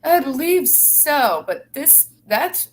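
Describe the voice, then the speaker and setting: A woman's voice: sits high, very animated, slow. A woman hosting a casual group chat, heated, indignant and swearing freely. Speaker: host.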